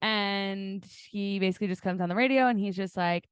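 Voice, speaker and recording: A woman's voice: mid-range voice, normal speed, smooth, no echo, clean studio sound. A woman co-hosting a podcast, chatting casually and giggling, often acting out quotes in silly voices. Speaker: podcast co-host. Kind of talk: casual chat.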